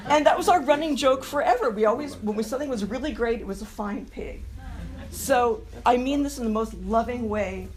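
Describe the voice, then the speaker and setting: A woman's voice: high voice, expressive, fairly quick, a crowd in the background. A woman speaking at a memorial, telling affectionate, funny stories and laughing often as she goes. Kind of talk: humorous anecdote telling. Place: memorial gathering room.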